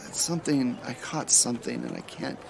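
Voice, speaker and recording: A man's voice: medium pitch, creaky, noisy background, natural voice. Man voicing a sickly timid young widow. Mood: hesitant. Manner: halting, stammering. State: coughing, ill.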